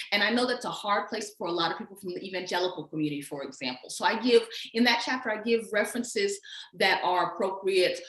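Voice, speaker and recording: A woman with a Southern drawl chats about her book in a lively, emphatic way. Her voice sits a little high and rings bright. The sound is roomy and echoey. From Texas, USA. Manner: lively, emphatic, quick to laugh. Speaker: author. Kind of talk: casual conversation.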